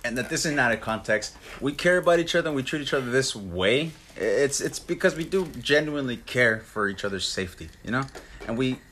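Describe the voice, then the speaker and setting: Brief: male podcast co-host, fast and lively delivery, teasing, faint hiss behind him. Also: medium pitch. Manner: quick, animated, teasing. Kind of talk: casual chat.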